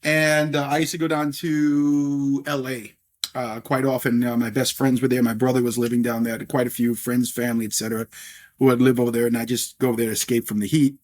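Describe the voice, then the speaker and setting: A man's voice: medium pitch, little pitch movement, fairly quick, a little mellow. A middle-aged man, a podcast guest, telling stories in a chatty, anecdotal way and often adding "if you will". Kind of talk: casual storytelling interview.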